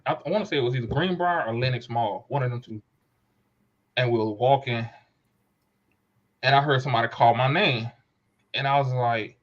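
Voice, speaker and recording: Man, casual podcast storytelling, mid pitch, muffled lo-fi audio. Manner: animated storyteller, acts out quoted voices. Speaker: podcast host.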